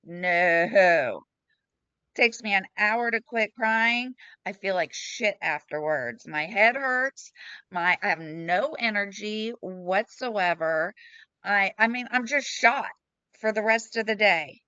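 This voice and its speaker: Slow, frank woman on a video call. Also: medium pitch, bright, forceful tone, smooth, no echo. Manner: frank, emotional storytelling, blunt and self-deprecating. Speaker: support group member. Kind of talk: candid personal sharing in a group chat. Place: at home. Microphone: computer mic on a video call. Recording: slightly dull video call audio.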